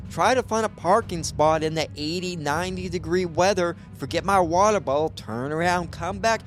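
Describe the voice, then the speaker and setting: A man doing a solo comedy podcast, his voice a touch high for a man. He rambles through sarcastic jokes, restarting his sentences as he goes, with faint music in the background. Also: moderate pace, few pauses. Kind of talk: solo stand-up podcast monologue.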